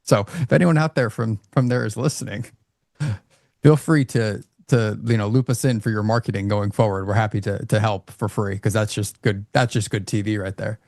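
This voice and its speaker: A man's voice: lowish voice, fairly even intonation, moderate pace, vocal fry, darkish tone, no room sound, clean studio sound. A man co-hosting a live trading show, joking in playful banter. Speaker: co-host. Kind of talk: casual live-stream chat.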